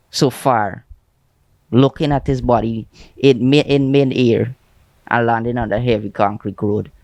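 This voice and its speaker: A man's voice: mid-range voice, creaky, a little mellow, no room sound. Shaken Guyanese man, dry close sound. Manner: shaken, halting, repeating himself. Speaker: eyewitness interviewed. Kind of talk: news interview.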